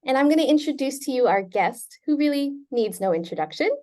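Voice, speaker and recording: A woman's voice: high voice, lively intonation, fairly quick, mellow. Upbeat woman hosting a live stream. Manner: upbeat, welcoming. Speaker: host. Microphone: video call.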